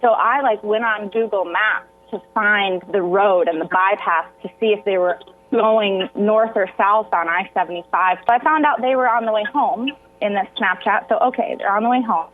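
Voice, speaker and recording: A woman's voice: mid-range voice, normal speed, a little hiss or hum. A woman guest on a radio interview, telling a personal story with emotion that sometimes breaks into tears. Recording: tinny phone line.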